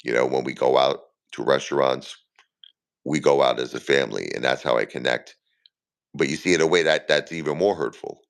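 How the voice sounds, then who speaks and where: Grieving male live-stream host in his forties, very deep and gravelly, rambling and repetitive. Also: a little fast. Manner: repeats himself, talks straight to chat viewers by name. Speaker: livestream host. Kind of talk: casual live-stream talk to viewers.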